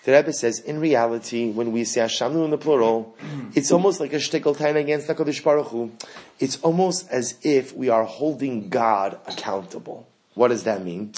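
A man teaching a Torah class, animated and rising to impassioned pleading, sprinkling Hebrew and Yiddish terms through his English. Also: medium pitch, moderate pace. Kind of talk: Torah lecture.

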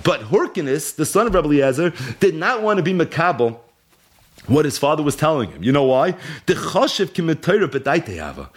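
An animated male Torah teacher with a slightly high voice that leaps up and down as he tells the story. He reads each Aramaic line and then translates it. He keeps tossing rhetorical questions to his listeners. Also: husky.

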